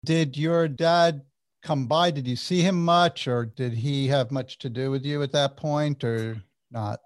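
A man's voice: medium pitch, unhurried. A man interviewing a guest, asking short follow-up questions and reacting briefly. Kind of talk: conversational interview.

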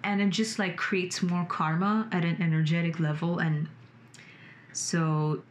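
Her voice fairly low and a little slow, a woman shares her personal growth in a casual, rambling vlog monologue about her emotions. She sits in a computer-lit room, swears, says "like" frequently, and uses expressive rises.

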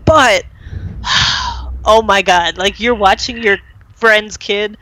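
A woman's voice: mid-range voice, takes it slowly, sharp tone, no echo, low-quality recording. A woman in casual chat about a TV episode, rambling with many fillers and laughing easily. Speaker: podcast co-host.

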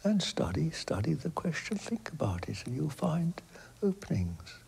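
An older man giving reflective interview answers, halting and hesitant with many restarts, often dropping to a soft, near-whispered delivery. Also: a little high, big pitch swings, creaky, breathy edge.

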